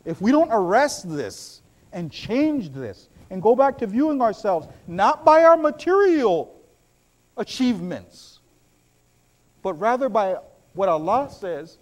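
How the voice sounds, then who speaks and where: A man preaching a sermon, telling stories with animated swings between loud bursts and low hushed asides. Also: measured pace.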